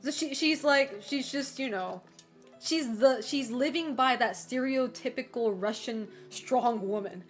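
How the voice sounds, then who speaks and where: A woman's voice: sits high, a little slow, faint music behind. A young woman livestreaming, chatting casually and rambling with lots of fillers, casual swearing and frequent laughter. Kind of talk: casual chat while streaming.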